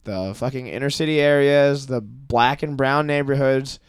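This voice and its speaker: A young man in a casual podcast chat, getting worked up and swearing as he talks. His voice is clear and resonant. It sits at a middle pitch and sounds dry and close to the mic. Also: normal speed, no echo. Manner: animated, ranting, swears freely. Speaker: podcast guest.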